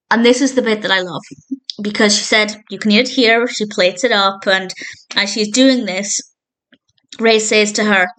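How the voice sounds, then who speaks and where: Woman doing a chatty tv episode review, normal mid voice, thinks out loud, gets really into it. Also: medium pitch. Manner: thoughtful, warmly enthusiastic retelling with frequent self-corrections. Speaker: film and TV reviewer. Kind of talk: casual spoken episode review.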